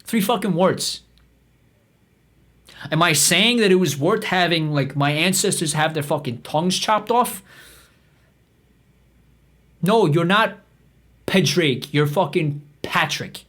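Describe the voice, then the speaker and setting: A man's voice: fairly high pitch, expressive, takes it slowly, pauses often, fairly bright tone. A man hosting a comedy podcast, telling a meandering, profane story full of restarts and fillers. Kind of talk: rambling comic storytelling.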